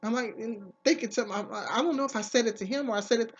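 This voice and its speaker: A woman's voice: a little high, quick pace, slightly rough, dull audio. A woman vlogger talking casually to camera, giving earnest, emphatic advice and repeating her key phrases.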